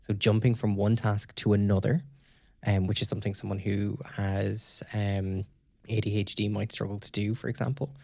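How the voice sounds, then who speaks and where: Low gravelly guy explaining studies on a podcast, keeps asking "okay?", dry close sound. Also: flat delivery, moderate pace, darkish tone, no room sound. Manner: explains steadily, checks in with "okay?". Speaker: podcast co-host presenting research. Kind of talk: casual explanatory chat.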